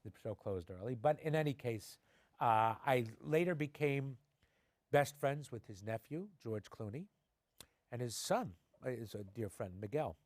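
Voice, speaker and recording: A middle-aged man, an actor being interviewed, telling animated stories and acting out the people in them. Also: mid-range voice, unhurried, dry recording. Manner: animated anecdotes, acting out quoted voices. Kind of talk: conversational storytelling. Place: television studio.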